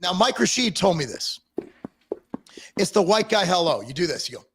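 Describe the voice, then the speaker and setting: A man ranting casually on a podcast livestream, profane and animated as he tells stories. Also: high-pitched, moderate pace, a little hiss or hum. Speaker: podcast co-host. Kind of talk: casual political rant.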